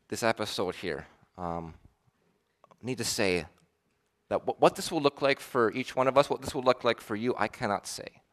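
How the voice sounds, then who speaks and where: Preaching his sermon, this man alternates between forceful proclamations and soft, hushed passages. When he quotes others, he acts out their voices by lifting his pitch.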